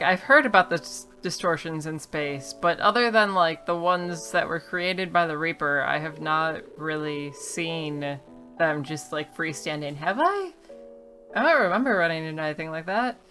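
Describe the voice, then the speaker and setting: A woman's voice: low-pitched, a little slow, pushed and bright, soft background music. A woman giving casual, wry commentary on a game she is playing, reading the dialogue aloud and joking about it. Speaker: let's play streamer.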